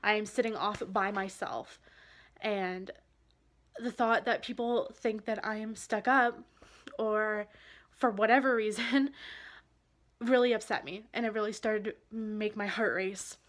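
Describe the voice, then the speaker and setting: A woman vlogger telling a personal story in a candid, halting and emotional way. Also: mid-range voice, fairly even intonation.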